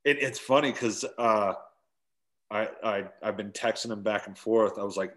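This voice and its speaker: Low-voiced man telling baseball stories. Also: normal speed. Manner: animated storyteller, acts out yelling quotes. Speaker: former pro baseball catcher, guest. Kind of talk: casual storytelling interview.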